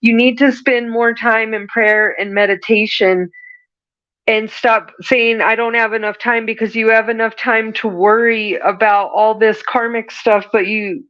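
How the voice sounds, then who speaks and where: A woman's voice: fairly high pitch, level tone, unhurried, no echo, lo-fi sound. A woman hosting a podcast, giving a spiritual reading in an earnest, preachy manner that rambles with restarts. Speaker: spiritual reader and podcast host. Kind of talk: channeled spiritual message monologue.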